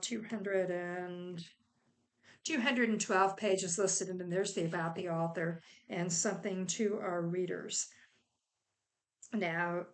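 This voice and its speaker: A woman with a mid-pitched voice talks through a book review in a relaxed, conversational way. She sounds chatty and enthusiastic, and she recommends the book warmly. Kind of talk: casual video book review.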